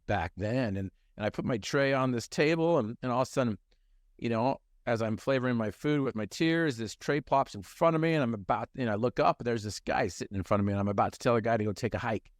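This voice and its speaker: A man's voice: mid-range voice, fast talker, no echo, studio quality. A middle-aged man telling his personal story in a conversation, earnest and emphatic, repeating phrases for effect.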